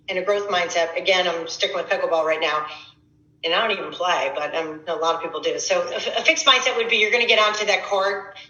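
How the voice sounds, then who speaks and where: A middle-aged woman coach talks through a workshop in a loose, conversational way, often stumbling and restarting her words. Her voice comes across bright and forward. The sound is roomy and a little muffled. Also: medium pitch. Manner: conversational and repetitive, with frequent restarts and stammers. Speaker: fitness coach running a workshop. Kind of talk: casual motivational workshop talk.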